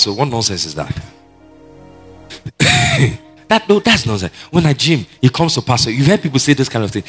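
A man preaching a sermon as a pastor, animated and asking the congregation questions. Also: a little high, brisk, husky, soft background music.

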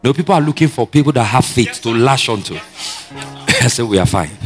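A man preaching a sermon as a pastor, animated and asking the congregation questions. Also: medium pitch, moderate pace, soft background music.

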